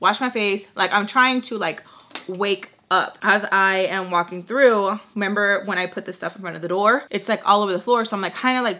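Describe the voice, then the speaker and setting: Sassy, bright-voiced young woman. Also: mid-range voice. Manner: sassy, animated, acts out quoted dialogue. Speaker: beauty vlogger. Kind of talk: casual storytime vlog.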